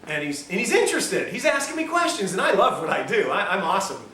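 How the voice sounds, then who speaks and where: Male lecturer, high and bright, jokey storyteller; echoey room, distant mic, faint ambience. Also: very animated, fast, a little hiss or hum. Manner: chatty, joking, self-mocking asides. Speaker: lecturer at a health institute. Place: lecture room at a health institute.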